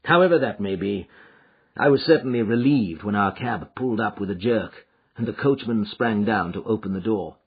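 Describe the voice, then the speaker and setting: Brief: male audiobook narrator, measured, breathy tone, lo-fi sound. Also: lowish voice, expressive. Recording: slightly muffled lo-fi audio.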